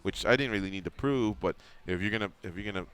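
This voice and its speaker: A radio host with a lowish, smooth voice talks quickly as he spins a long anecdote in casual studio chat. He's an animated storyteller who acts out every quote.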